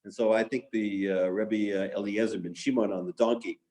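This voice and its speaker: A man's voice: on the low side, fairly even intonation, brisk, mellow. A man teaching a lesson on Talmud stories in a conversational way, with filler words and restarts.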